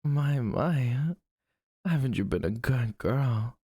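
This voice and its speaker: A man voicing a doting, affectionate low-voiced man who murmurs slow, soothing praise during a live stream. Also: lively intonation, mellow, slightly rough, no room sound, studio quality.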